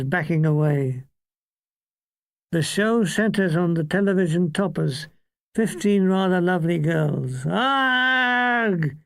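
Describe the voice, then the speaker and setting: An older woman reading a comic memoir aloud, with a dry, deadpan delivery. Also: sits low, dry recording. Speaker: reader.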